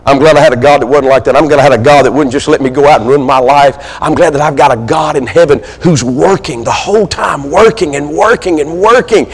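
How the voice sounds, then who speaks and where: Impassioned preacher in a church. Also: male voice, mid-range voice, fast, hardly any pauses, husky, in a large hall, low-quality recording. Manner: passionate preaching, swings from loud pleading to hushed. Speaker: pastor. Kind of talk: sermon. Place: church sanctuary.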